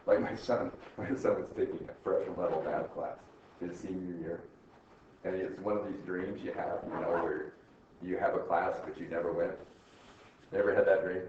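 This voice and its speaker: An older man, a college professor, gives a rambling, chatty classroom lecture and laughs at his own stories, speaking fairly quickly in a low voice. The recording is echoey, distant, dull and faintly noisy.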